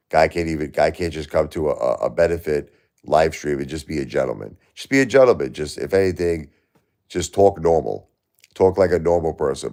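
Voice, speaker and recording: A man's voice: a bass voice, darkish tone. A middle-aged man on a live stream, grieving and confrontational, firing repeated questions back at commenters in chat.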